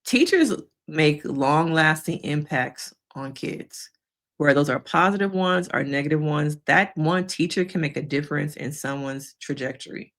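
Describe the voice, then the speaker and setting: A woman therapist giving casual reaction commentary to viewers, talking directly to them and acting out quotes in high voices. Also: a little slow, a bit bright. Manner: conversational, addresses viewers directly. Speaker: therapist reacting to a reality show.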